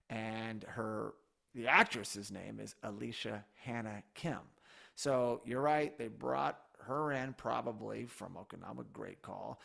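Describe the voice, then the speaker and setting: A man co-hosting a podcast, talking in an animated, enthusiastic way and often correcting himself. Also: mid-range voice, vocal fry. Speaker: podcast co-host. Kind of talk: casual podcast chat.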